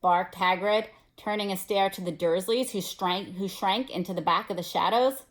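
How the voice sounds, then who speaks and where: Woman teacher, storybook read-aloud, expressive narration, medium pitch. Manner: expressive, pauses to explain to listeners. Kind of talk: reading a novel aloud to students.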